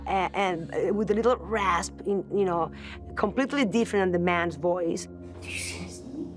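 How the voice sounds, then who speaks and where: A woman telling of a ghost encounter in a documentary interview, halting and repeating her words as she goes. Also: medium pitch. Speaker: celebrity guest recounting a ghost story. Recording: music bed under the voice. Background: background music.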